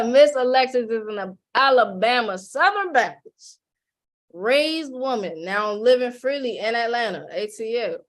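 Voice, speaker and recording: A woman hosting an online panel, hyping each guest with playful call-and-response introductions. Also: fairly high pitch. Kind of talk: lively hype-up introductions.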